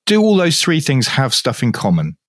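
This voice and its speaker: A man's voice: mid-range voice, huge pitch swings, moderate pace, a bit bright, no echo, clean studio sound. A man hosting an interview, asking questions after long framing setups. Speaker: podcast host.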